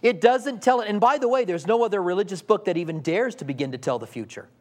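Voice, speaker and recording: High-voiced man preaching conversationally. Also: animated, fast, a little mellow. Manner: conversational preaching, acts out quoted voices, rhetorical questions. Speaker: pastor. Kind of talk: sermon.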